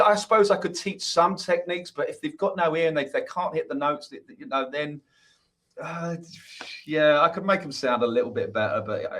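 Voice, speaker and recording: A man with an English accent talks about his craft as a guest musician. He explains things earnestly and often restarts his sentences. His voice sits at an ordinary middle pitch. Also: a bit bright. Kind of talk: casual conversational interview.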